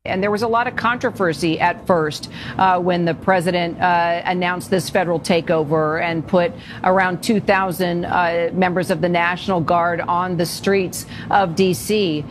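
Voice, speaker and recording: A woman anchoring a live news broadcast, speaking in a measured way with frequent ums and uhs. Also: fairly low pitch, fairly even intonation, a little hiss or hum.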